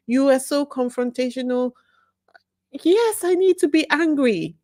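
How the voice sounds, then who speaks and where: A woman's voice: on the high side, a little mellow, no room sound. A woman hosting her own channel, talking passionately and emphatically, asking herself pointed questions. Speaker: YouTube channel host. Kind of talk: casual vlog monologue.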